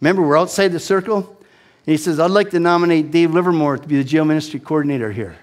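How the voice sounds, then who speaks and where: A man in his sixties gives a personal testimony, speaking quickly in a voice on the high side. He's an animated, self-deprecating storyteller who often restarts his sentences.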